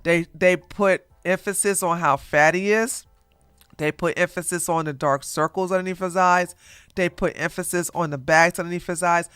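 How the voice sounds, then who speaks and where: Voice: medium pitch, fairly even intonation, moderate pace, a bit bright, smooth, no echo, faint music behind. A YouTube drama commentator giving blunt, repetitive ranting reaction commentary into a close mic.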